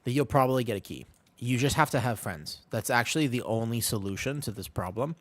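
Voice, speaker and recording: A man's voice: mid-range voice, lively intonation, a little fast, no room sound. A man streaming a game, chatting casually with his chat, joking and answering questions.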